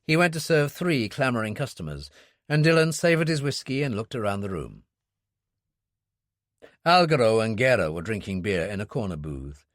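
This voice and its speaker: A man narrating a thriller audiobook in a steady, expressive storytelling voice. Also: fairly low pitch, moderate pace, dry recording, clean studio sound. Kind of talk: scripted narration.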